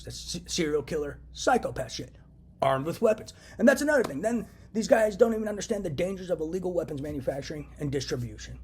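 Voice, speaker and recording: A young man rants to camera at a rapid clip, his voice sitting a little higher than most men's. He sounds agitated and swears often as he repeats himself, with a faint hum of room ambience behind him. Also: a little mellow. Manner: agitated, profane, repetitive ranting. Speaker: vlogger. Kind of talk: solo rant to camera. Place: indoors, at home.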